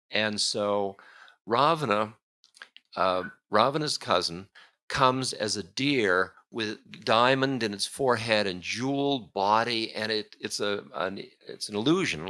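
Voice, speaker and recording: A man's voice: lowish voice, sharp tone. A man, a spiritual teacher, telling an old story in a casual, humorous lecture with frequent chuckles.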